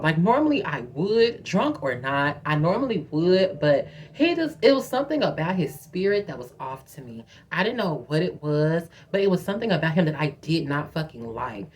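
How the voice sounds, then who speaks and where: A woman with a lower-pitched, very lively voice spins a personal story for her viewers. She's chatty and profane and keeps calling her listeners "girl". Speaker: vlogger telling a personal story. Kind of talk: casual storytime monologue.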